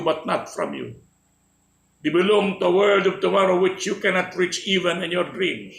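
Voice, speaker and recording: A man delivering an impassioned political speech in a slow, oratorical manner, stressing each declaration. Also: sits high, gravelly, fairly bright tone, roomy sound, rough recording. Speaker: political speaker.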